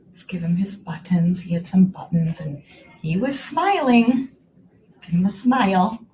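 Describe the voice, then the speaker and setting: A woman teacher modeling writing for young children, slowly and clearly sounding out each word and leading the class to repeat. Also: fairly low pitch, slight background noise. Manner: slow, exaggerated sounding out of words.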